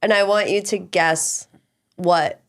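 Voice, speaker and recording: A woman co-hosting a podcast in casual chat, teasing her co-host in a playful, quick way. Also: fairly low pitch, fairly even intonation.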